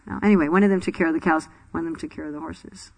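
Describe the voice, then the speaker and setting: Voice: medium pitch, fairly even intonation, rapid-fire. A spiritual teacher in a scripture class, telling stories in a chatty way, laughing often and quizzing the audience.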